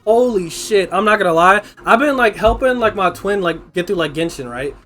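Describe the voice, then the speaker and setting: Loud, profane woman streamer. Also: medium pitch, moderate pace, faint music behind. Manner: loud, profane, excitable, filler-heavy. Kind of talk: casual live-stream commentary.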